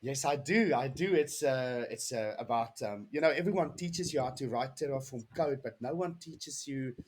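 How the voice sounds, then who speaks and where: A middle-aged man from South Africa with a South African accent, chatting as a podcast guest in a relaxed, friendly way. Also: mid-range voice, moderate pace, slight background noise. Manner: relaxed, friendly, lots of fillers. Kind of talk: casual conversation.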